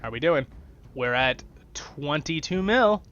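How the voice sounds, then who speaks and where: A man casually commentating his strategy gameplay, chatty and excitable, talking straight to his viewers. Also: a little high, slow pace. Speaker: gaming channel host. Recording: dull lo-fi sound with faint music.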